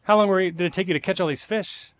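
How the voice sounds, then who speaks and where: A preacher doing a pushy eager banker. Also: male voice, sits high, fast talker, voice pushed up, natural voice. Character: American investment banker, brash, eager, pushy.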